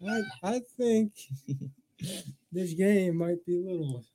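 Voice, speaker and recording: A young man with a slightly raised voice, chatting casually and a little haltingly as he watches a video game match. He adds offhand reactions and comments between the plays. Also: high voice, expressive, mellow, a little hiss or hum, poor audio. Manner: easygoing, hesitant, chuckling. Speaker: friend co-commentating. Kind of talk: casual game-night chat.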